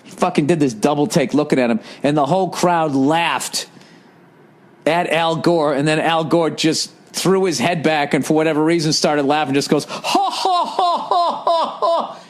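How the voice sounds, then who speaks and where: A man's voice: on the high side, fairly even intonation, moderate pace. A man hosting a podcast alone, ranting in a profane, sarcastic, rambling way. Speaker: podcast host. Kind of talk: solo ranting monologue.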